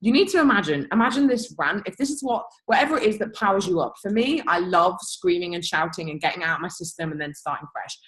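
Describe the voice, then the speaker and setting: A young woman leading her team over a video call, giving an energetic, blunt motivational rant with swearing and laughter. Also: fairly low pitch, fast, few pauses, low-quality recording. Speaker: team leader.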